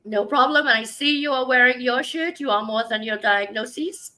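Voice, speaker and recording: A woman's voice: a little high, moderate pace, sharp tone, low-quality recording. A woman hosting a live online book show, talking in an upbeat, earnest, emphatic way over a video call.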